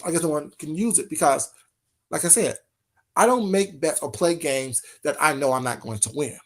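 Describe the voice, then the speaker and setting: Guy with a high voice ranting to his chat, heated, keeps repeating himself. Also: moderate pace. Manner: heated, talks straight to chat, repeats phrases. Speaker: livestream host. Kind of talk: casual livestream rant.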